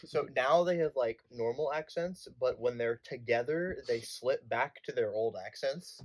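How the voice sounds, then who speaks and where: A man's voice: medium pitch, a little slow, dry recording. A young man co-hosting a casual chat, chatty and playful as he tells a story. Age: young adult. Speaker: podcast co-host. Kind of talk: casual chat among friends.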